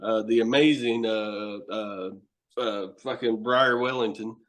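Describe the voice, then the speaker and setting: A man's voice: fairly low pitch, steady tone, unhurried, a bit bright. A middle-aged man with a Tennessee accent, telling rambling, profane stories with laughs in a casual podcast chat. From Knoxville, Tennessee. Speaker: horror host and wrestler.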